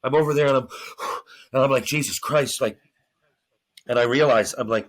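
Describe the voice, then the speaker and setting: A man, a former hockey enforcer, telling a fight story on a podcast in casual, animated, profane chat. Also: medium pitch, normal speed. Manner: animated, swearing, acting out his own reactions.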